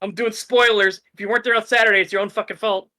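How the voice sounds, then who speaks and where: A man hosting a casual podcast chat, retelling things in an excited, profane way. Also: sits high, fast. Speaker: streamer host.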